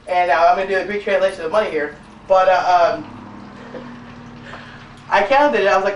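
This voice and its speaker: A woman hosting her own cooking show, chatting loosely with many filler pauses as she tells a story while she cooks in her kitchen. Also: medium pitch, far from the mic, lo-fi sound. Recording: roomy sound, voice off-mic, faint noise.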